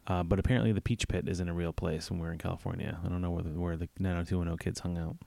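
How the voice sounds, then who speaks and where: Male podcast co-host, deep and gravelly, relaxed, rambling, joking delivery. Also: very fast, dry recording. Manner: laid-back, rambling, joking. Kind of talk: casual chat.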